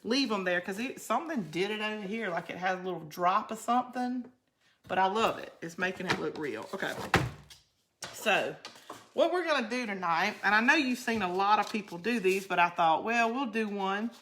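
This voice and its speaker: A bright, forceful voice belongs to a middle-aged woman. She chats loosely and rambles from one thought to the next. She answers her viewers directly as she works on a craft. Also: medium pitch, lively intonation, normal speed, a little hiss or hum. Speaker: craft channel host. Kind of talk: casual livestream craft chat.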